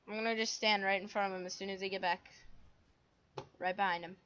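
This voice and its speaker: A woman's voice: mid-range voice, fairly even intonation, moderate pace, long pauses, bright, forceful tone, lo-fi sound. A woman giving casual, goofy commentary while playing a game, full of silly sound effects. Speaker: gamer.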